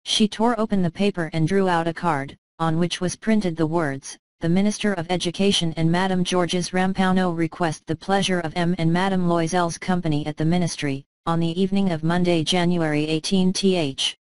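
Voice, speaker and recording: Smooth low-voiced woman narrating a story. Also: no echo, low-quality recording. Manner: calm, measured storytelling. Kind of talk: scripted narration.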